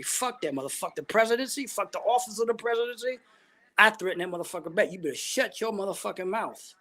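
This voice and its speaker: A man's voice: high-pitched, bright, forceful tone. A man ranting bluntly and profanely about politics, full of heavy slang. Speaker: vlogger giving opinions.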